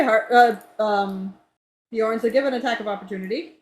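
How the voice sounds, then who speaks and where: A woman narrating a tabletop game as game master, chatty and quick to laugh. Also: a little high. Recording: echoey room.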